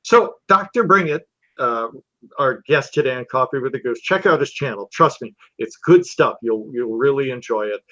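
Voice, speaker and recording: A man hosting a relaxed boxing recap show, talking in an easygoing way with lots of fillers. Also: medium pitch, moderate pace, no room sound. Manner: easygoing, filler-heavy, agreeable. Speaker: podcast host. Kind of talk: casual boxing recap chat. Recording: dull dry lo-fi sound.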